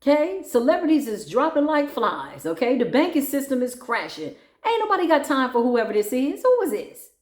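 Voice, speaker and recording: A woman tarot reader gives a blunt, profane reading, mocking her targets and bursting into laughter. Her high voice is very animated and brisk, with hardly any pauses, and the recording has a roomy echo.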